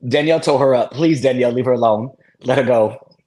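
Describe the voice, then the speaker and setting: A man's voice: mid-range voice, fast talker, noisy background. A man on a chat panel, exclamatory and laughing often, calling people baby and sis. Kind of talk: casual chat.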